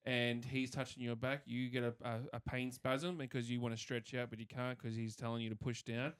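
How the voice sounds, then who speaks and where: An Australian man co-hosting a podcast, telling rambling, animated stories in casual chat and swearing freely. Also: mid-range voice, fairly quick, clear, resonant tone. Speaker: podcast co-host.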